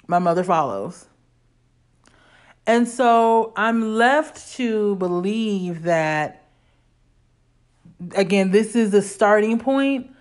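A woman in her forties from Illinois, telling a personal story in a candid, conversational way with casual slang. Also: lowish voice.

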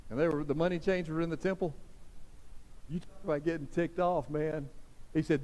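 High-voiced preacher in a reverberant hall. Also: male voice, fairly even intonation, a little fast, long pauses, darkish tone. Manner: fervent, exhorting, repeats phrases for emphasis. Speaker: pastor. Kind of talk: sermon. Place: large church hall.

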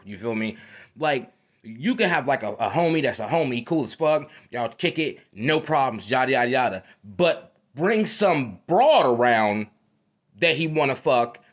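A man's voice: mid-range voice, fairly bright tone. A man hosting a podcast, talking in a heated, profane casual monologue and repeating his phrases for emphasis. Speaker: podcast host. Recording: dull lo-fi recording.

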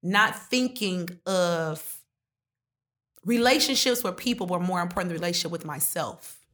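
Candid, emotional woman, slightly low voice. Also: normal speed, fairly bright tone. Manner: emotional, candid, talkative, slangy. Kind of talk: candid heart-to-heart conversation.

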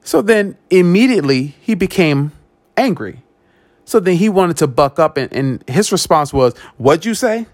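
At a moderate pace, a podcast host with a fairly high voice recounts a personal story in monologue form, with no room sound. He tells it animatedly, repeating words and acting out what others said.

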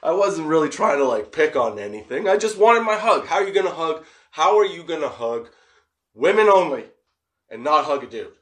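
A man's voice: on the high side, big pitch swings, a little fast, a bit bright. Laughing, swearing man telling a story. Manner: laughs often, swears, rambling asides. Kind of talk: casual comic storytelling.

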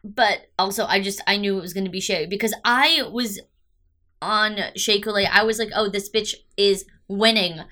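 A woman's voice: mid-range voice, fairly even intonation, moderate pace, sharp tone. A young woman co-hosting a podcast, playful and rambling in casual chat. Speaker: podcast co-host.

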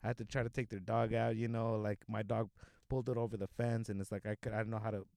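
A man's voice: on the low side, flat delivery, quick pace, gravelly, darkish tone, no room sound, clean studio sound. Rambling, profane young man telling a story. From Southern California. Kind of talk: casual chat.

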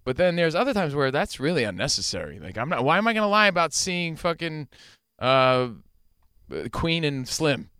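A lively, profane man hosting a talk show, his pitch swinging widely and his tone bright and clear. He argues his point with quick, animated energy. The mic is close and dry, with no room sound. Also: dry recording. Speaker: radio show host. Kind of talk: casual talk show banter.

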